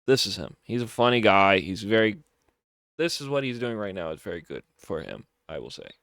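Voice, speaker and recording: Young male reviewer, low-ish voice, upbeat and chatty, doubles up words, recorded close and dry. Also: sing-song, a little fast, a bit bright, smooth, no echo. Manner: enthusiastic, repeats words for emphasis. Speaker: wrestling show reviewer. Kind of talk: casual solo review.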